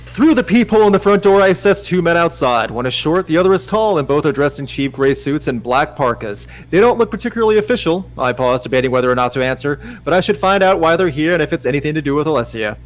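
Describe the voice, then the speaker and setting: A man as guest reader on a livestream, giving a mock-dramatic, teasing reading and loudly urging the host on. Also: fairly high pitch, animated, fast talker, few pauses, faint music behind, rough recording. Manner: teasing, theatrical, swings to loud urging.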